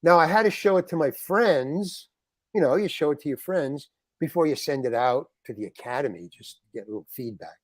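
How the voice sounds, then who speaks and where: A man's voice: fairly high pitch, a little fast, no echo. A man guest telling a rambling story in a podcast chat, voice sitting a little above the usual male range. He keeps restarting his sentences and jumps into other people's voices as he quotes them. The sound is close and dry, with no room around it. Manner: animated, acts out other people's lines in quotes, frequent restarts. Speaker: interview guest, actor.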